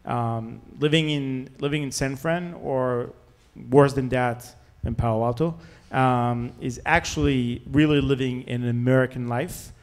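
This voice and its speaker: A man's voice: mid-range voice, steady tone, a little slow, clean tone. A man with a French accent, an investor on a startup panel, answering candidly and with jokes, with many "like" fillers. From France.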